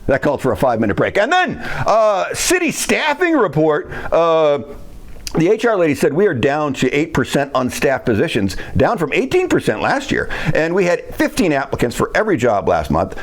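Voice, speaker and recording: A man's voice: fairly high pitch, huge pitch swings, normal speed. A man sarcastically recapping a city council meeting in a casual monologue, mimicking the speakers as he quotes them.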